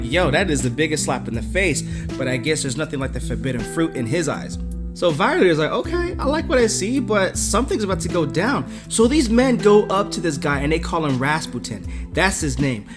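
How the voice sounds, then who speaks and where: Animated man recapping a comic book. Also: medium pitch. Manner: animated, joking, storytelling. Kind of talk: casual comic recap with voices.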